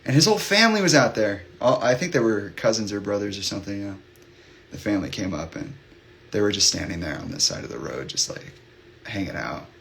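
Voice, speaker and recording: Male livestream host, somewhat low-pitched, candid and rambling, loose filler-heavy delivery. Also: sing-song, brisk, vocal fry, a bit bright, slight background noise. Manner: rambling, open, many fillers and restarts. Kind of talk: candid chat with live viewers.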